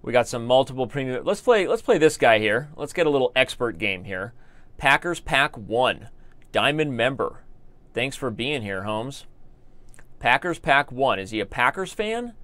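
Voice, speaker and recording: A man's voice: mid-range voice, sing-song, moderate pace, a bit bright, dry recording. An American man commentating his live online chess games, joking and rambling as he talks to viewers in the chat. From United States.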